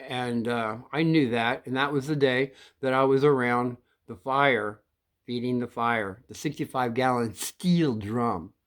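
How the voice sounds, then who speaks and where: Older male storyteller, casual and meandering, lots of restarts and throat-clearing. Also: mid-range voice, a bit bright. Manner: rambling, halting, many restarts and throat-clearing.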